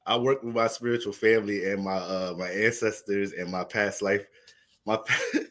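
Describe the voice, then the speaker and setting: A young man casually talking through an astrology livestream, profane and animated, laughing often. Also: fairly low pitch, normal speed.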